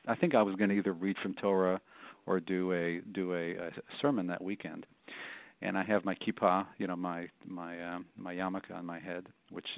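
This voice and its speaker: Man, middle-aged, very deep, gravelly, reflective storyteller, repeats words, tinny phone line. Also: no room sound. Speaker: rabbi and author, interview guest. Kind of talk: storytelling in a radio interview.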